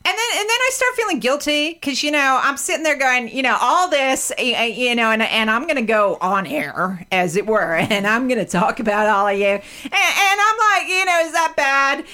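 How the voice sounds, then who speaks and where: A woman's voice: fairly high pitch, expressive, fairly quick, hardly any pauses, bright, forceful tone. A woman in casual chat who rambles, stammers and swears often. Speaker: podcast co-host.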